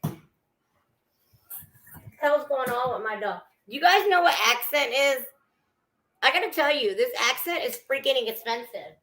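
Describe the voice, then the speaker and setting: The clip is a low-quality recording of a woman livestreaming while she cooks, her voice high, animated, and fairly bright at a normal pace with frequent pauses. She's chatty with viewers, greeting them by name mid-sentence and trailing off.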